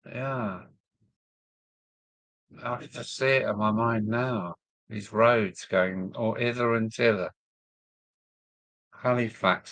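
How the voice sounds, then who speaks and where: A man's voice: on the low side, a bit bright, no echo. A man from Kent with a southern English accent, chatting casually on a hobby live stream and musing aloud, trailing off with lots of ums. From Kent, England. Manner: rambling, musing aloud with many fillers. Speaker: model railway live stream host. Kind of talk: casual chat reading viewer comments.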